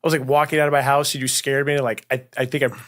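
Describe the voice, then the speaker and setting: A man's voice: medium pitch, little pitch movement, racing, fairly bright tone. A man talking casually on a podcast, telling stories earnestly and saying "like" often. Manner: earnest storyteller, lots of "like". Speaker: guest, neighbor and AV guy. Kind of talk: casual chat.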